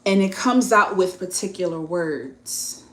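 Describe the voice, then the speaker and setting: A woman's voice: fairly low pitch, measured pace, fairly bright tone, poor audio. A woman with a US Northeast accent giving dating advice in a casual vlog, chatty and frank and often laughing at herself.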